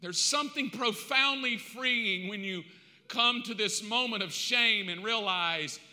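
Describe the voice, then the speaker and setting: An older man preaching a sermon as pastor, animated and jokey, and openly confessional. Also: sits high, unhurried. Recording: echoey church hall.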